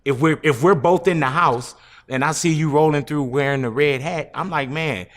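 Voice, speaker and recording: A man's voice: fairly high pitch, normal speed. A man hosting a radio interview, asking probing questions in a conversational way. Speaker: radio host.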